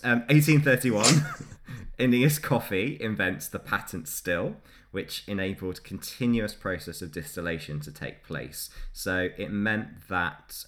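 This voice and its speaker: A man's voice: low-pitched, fairly bright tone. A man hosting a podcast, telling history in a loose, chatty way and laughing often between facts. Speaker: podcast host. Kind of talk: casual history podcast chat.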